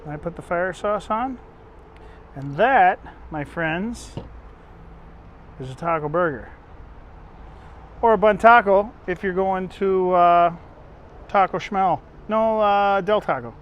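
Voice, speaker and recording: A man's voice: high voice, slow pace, pauses often, highs cut off. A man hosting a casual home cooking video, chatting to viewers in a rambling, self-correcting way. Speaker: home cook and channel host.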